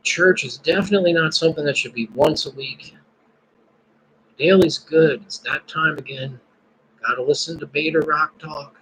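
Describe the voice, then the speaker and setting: A man's voice: on the high side, normal speed, a bit bright, rough recording. Musing man praying aloud on a stream. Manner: musing, prays aloud between thoughts. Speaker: podcast host. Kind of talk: casual prayerful live-stream talk.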